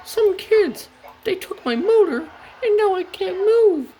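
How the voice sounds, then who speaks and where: A woman doing Daisy, a high fretful railcar. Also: expressive, takes it slowly, dark tone, heavily acted, low-quality recording. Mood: distressed. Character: upset female railcar, young and fretful.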